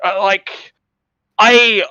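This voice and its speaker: A man's voice: sits high, steady tone, extremely slow, bright, forceful tone, clear, resonant tone, no echo. A man co-commentating a race broadcast in a casual, earnest and effusive way, laughing easily.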